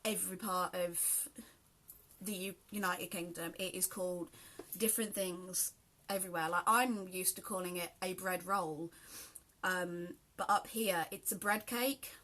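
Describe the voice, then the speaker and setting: Fairly low-pitched and fairly even in intonation, this woman speaks a little slowly in a bright, forceful tone. A southern English sewing host with a mix of southern English and South Yorkshire in her accent, she runs a live sew-along and chats to viewers by name.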